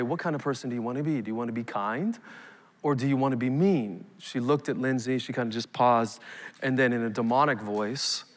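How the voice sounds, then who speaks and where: Man preaching in a reverberant church. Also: medium pitch. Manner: emphatic preaching with rising calls to the congregation. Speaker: pastor. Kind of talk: live sermon. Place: church sanctuary. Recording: long hall reverb.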